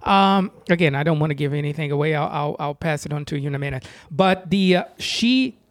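High-voiced, gushing man. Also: brisk. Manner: enthusiastic, hesitant, many uhs. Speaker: podcast co-host. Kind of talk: casual movie review chat.

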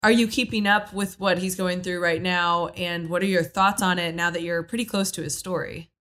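A woman's voice: on the low side, steady tone, moderate pace, a bit bright. A woman hosting an interview, putting direct questions to a guest. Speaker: host.

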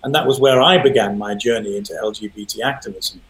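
A man's voice: fairly low pitch, fast talker, roomy sound, rough recording. An older man in casual chat, hesitant and repeating words, with wry asides. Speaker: panelist. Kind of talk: conversational commentary.

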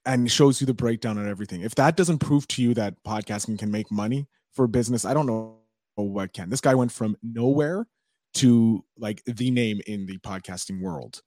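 A man's voice: mid-range voice, animated, normal speed, a little mellow, no room sound, studio quality. A man hosting a podcast, chatting casually and enthusiastically with his guest. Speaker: podcast host. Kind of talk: casual conversation.

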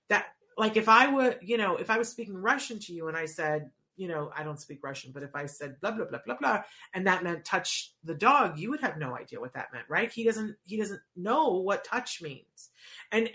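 This child language therapy coach has a mid-range voice with a fairly bright tone. She talks parents through helping a child learn words in a casual, conversational style, dropping in "right?" again and again to check in.

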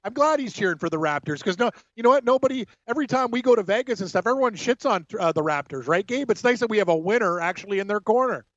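A man co-hosting sports radio, giving brisk score updates and joking banter with frequent laughs. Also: high-pitched, animated, no room sound, muffled recording. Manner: brisk, jokey, laughs often.

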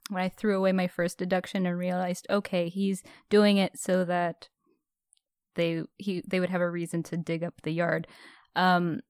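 A woman co-hosting a podcast speaks in a somewhat low voice. The sound is dry and close. She talks in a chatty way, restarting her sentences and laughing often. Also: no room sound. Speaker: podcast co-host. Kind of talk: casual chat.

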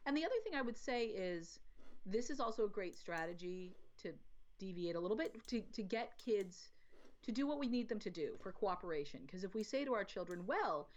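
A woman guest talking about parenting in a casual podcast chat, explaining in an animated way and acting out little quotes. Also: mid-range voice, fairly quick. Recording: dull lo-fi audio.

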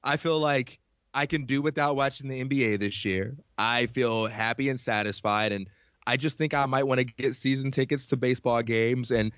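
A man co-hosting a casual podcast chat, excitedly telling stories and acting out family conversations. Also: mid-range voice, moderate pace, no room sound. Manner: excited storyteller, acts out family dialogue. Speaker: podcast co-host. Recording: dry, dull lo-fi sound.

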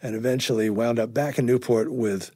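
Husky older man telling stories. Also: mid-range voice, fairly quick, no room sound, studio quality. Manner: animated, acts out quoted dialogue, swears casually. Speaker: guest musician. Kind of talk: anecdotal storytelling.

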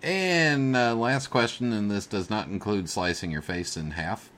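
Bright-voiced male podcast host. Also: fairly low pitch, unhurried, a little hiss or hum. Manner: teasing, prompting questions. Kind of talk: casual interview chat.

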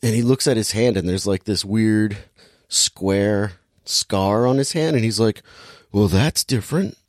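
A man casually recapping a movie plot with sarcasm, briefly acting out the characters' lines in quick impressions. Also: fairly low pitch, no room sound, studio quality. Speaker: podcast host recapping a movie. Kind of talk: casual chat.

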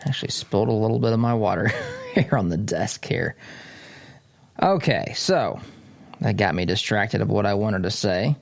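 A man's voice: lowish voice, animated, moderate pace, vocal fry, no echo. Guy hosting a political talk show, rambly and casual, dry close sound. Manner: conversational and digressive, with frequent restarts. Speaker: host of a political commentary show. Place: studio desk.

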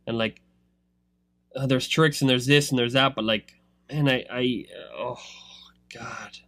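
A man giving a rambling motivational talk about online selling, swinging between loud pushes and low asides. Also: fairly even intonation, unhurried, dry recording, clean studio sound. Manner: rambling, filler-heavy. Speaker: online seller coaching others.

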